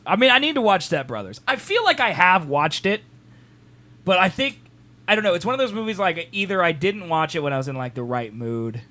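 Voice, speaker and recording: A man's voice: sits high, very animated, fairly quick, pushed and bright. A young adult man co-hosting a podcast in casual chat, rambling and self-mocking, laughing easily. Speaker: podcast co-host.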